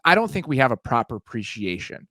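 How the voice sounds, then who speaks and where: A man hosts a sports podcast and talks in a measured, reflective way. His voice sits in the middle range, and the recording is dry and close. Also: medium pitch, sing-song, sharp tone, no echo. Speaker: podcast host. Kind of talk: casual podcast conversation.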